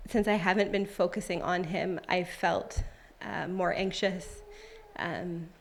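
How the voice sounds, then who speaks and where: At a church service, a woman in her thirties shares a heartfelt, conversational personal testimony full of fillers, then reads scripture aloud. Her lowish voice is slow and fairly even, with vocal fry and slight background noise.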